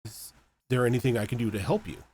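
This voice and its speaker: A man's voice: medium pitch, fast, warm tone, slightly rough, natural voice. A man playing his own character in a tabletop game, an uneasy, polite man who stammers and hesitates. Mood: awkward, polite.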